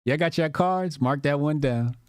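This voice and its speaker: A man's voice: fairly high pitch, normal speed, clear, resonant tone, dry recording, studio quality. A man giving casual, mocking reaction commentary as a streamer, exasperated and profane.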